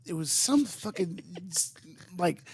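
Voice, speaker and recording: Excitable texan podcast guy, high raspy voice, cussing a lot. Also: slow pace, no echo. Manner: excitable, profane, acts out quotes. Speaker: podcast co-host. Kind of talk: casual chat, storytelling.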